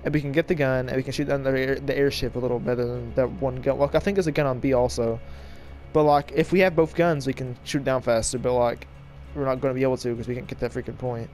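A man giving casual gameplay commentary, talking fast with jumbled words, frequent stutters and restarts. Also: medium pitch, fairly even intonation, soft background music. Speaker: gaming channel host. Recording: loud gunfire and battle game sounds behind. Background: shooter game audio with gunfire and vehicles.

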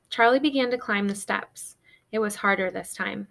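Female teacher, chapter-book read-aloud, steady expressive narration. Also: medium pitch, moderate pace, gravelly.

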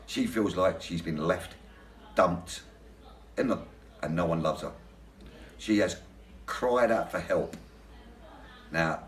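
Deep-voiced man, earnest and resolute, far off. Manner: earnest, resolute, halting with fillers. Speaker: demonstration organizer being interviewed. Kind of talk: casual interview answers. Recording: echoey room, distant mic.

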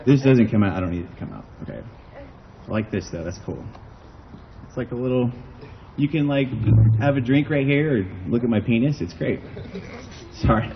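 A man's voice: medium pitch, moderate pace, long pauses, muffled recording, noisy background. A man from the United States doing a stand-up comedy set at an outdoor backyard show, rambling and self-deprecating, saying "like" a lot.

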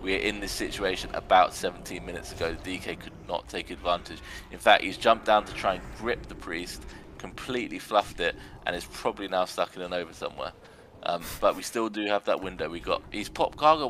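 A young man giving sarcastic, excitable commentary on a video game match and swearing now and then. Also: fairly low pitch, slight background noise. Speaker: arena commentator.

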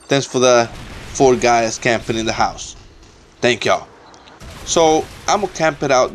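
A young man talks over his own gameplay in a loose, profane commentary, griping and trash-talking as he goes. His voice sits at an ordinary male pitch, with a faint hiss under the recording. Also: unhurried, long pauses. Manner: trash-talking, swearing, exasperated.

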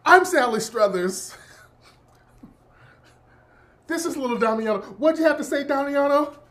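A man putting on the voice of a soft-spoken woman narrating a charity appeal, hushed, syrupy and pleading. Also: very high voice, lively intonation, a little fast, pitched above the performer's own voice. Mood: coaxing.

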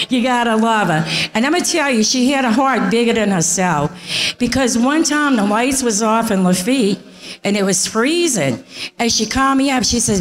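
A woman's voice: on the high side, moderate pace, long reverb tail, low-quality recording. A woman telling family memories at a memorial, acting out the dialogue and laughing as she goes. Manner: animated, laughing, acts out dialogue. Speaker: family member sharing memories. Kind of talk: casual storytelling at a memorial.

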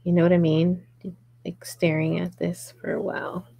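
A woman with a fairly low, gravelly voice and a breathy edge hosts a live crochet tutorial, speaking at a moderate pace in a level tone. She chats casually with viewers, answers their comments, and murmurs stitch counts as she works. The audio has its highs cut off.

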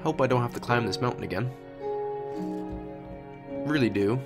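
A man's voice: medium pitch, normal speed. A young man in casual gameplay commentary, talking to himself, swearing, muttering and exclaiming. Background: game music.

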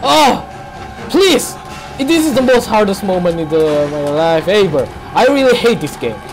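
A man narrating his own horror gameplay in broken English, dropping to hushed muttering and then breaking into panicked shrieks. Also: high voice, big pitch swings, moderate pace, soft background music. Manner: non-native English with broken grammar. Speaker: gameplay streamer. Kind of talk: horror game commentary.

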